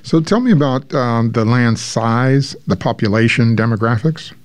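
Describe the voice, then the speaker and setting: A man's voice: medium pitch, expressive, normal speed, no room sound. A man hosting a public radio show, asking his guest questions in a friendly, conversational way. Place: radio studio. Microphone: studio mic.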